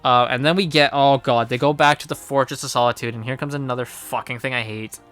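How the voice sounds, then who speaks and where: A man's voice: medium pitch, steady tone, fast talker, fairly bright tone, clean tone, soft background music. Rambling, profane man reviewing a film. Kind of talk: casual spoken movie review.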